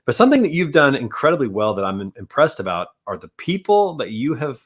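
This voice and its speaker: A man's voice: medium pitch, sing-song, quick pace, husky. A man hosting a podcast, chatting casually and joking with his guest. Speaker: podcast host. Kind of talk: casual interview chat.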